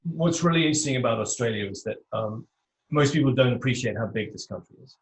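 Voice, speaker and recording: Man, British accent, podcast guest, measured, reflective, mid pitch, roomy echo. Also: expressive. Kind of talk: conversational interview. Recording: echoey room sound.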